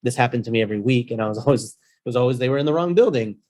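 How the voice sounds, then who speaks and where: A man of Mexican heritage, a rental-business guest on a podcast, telling a story in a playful, animated way with acted-out quotes. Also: medium pitch, rapid-fire. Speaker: guest, short-term rental host. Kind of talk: casual storytelling.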